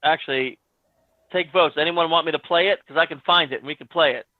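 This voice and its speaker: A man with a high, bright voice recounts a story with excited energy and acts out each bit of dialogue. The audio is dry and tinny, like a phone line on a video call. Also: a little fast, dry recording. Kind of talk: animated storytelling.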